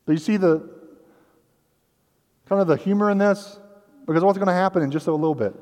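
A high-pitched, darkish voice comes from a pastor who preaches briskly yet pauses often. Earnest and conversational, he sometimes acts out the voices in the story, recorded in a church sanctuary with long hall reverb.

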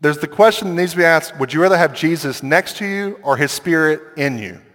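A man preaching a sermon as pastor, talking in a conversational, animated way with quick asides and acted-out quotes. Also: a little high. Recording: long hall reverb.

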